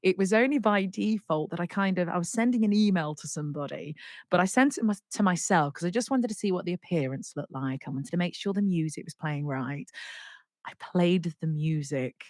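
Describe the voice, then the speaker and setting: A woman singer-songwriter telling her story as an interview guest, animated and full of restarts, acting out what people said. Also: lowish voice, fairly quick, dry recording, studio quality. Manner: animated, acts out quoted dialogue, many restarts.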